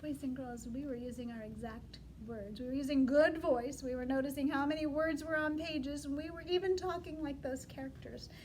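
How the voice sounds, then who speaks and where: A woman teacher with a high voice reads a storybook to young children. She is animated and coaxing and keeps inviting them to say the words with her. A faint hum of the room sits behind her. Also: normal speed, hardly any pauses. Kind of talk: storybook read-aloud lesson for young children.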